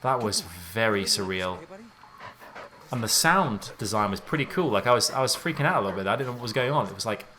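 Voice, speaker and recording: A man giving let's play commentary on a game, excitable and jumpy, thinking aloud in casual slang. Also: lowish voice, fast talker. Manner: casual slangy talk, says mate and dude. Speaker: gaming YouTuber.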